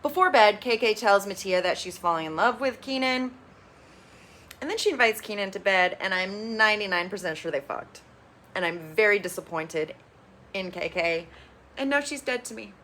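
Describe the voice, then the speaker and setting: A woman's voice: medium pitch, sharp tone. A woman giving a casual, blunt and sarcastic recap of a reality show, often mimicking the people she talks about.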